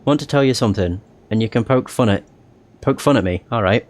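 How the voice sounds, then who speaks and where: A man's voice: fairly low pitch, brisk, a little mellow, close to an everyday voice. Annah, a tart young tiefling woman, read by a man. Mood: teasing. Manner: reads dialogue aloud with little voice change.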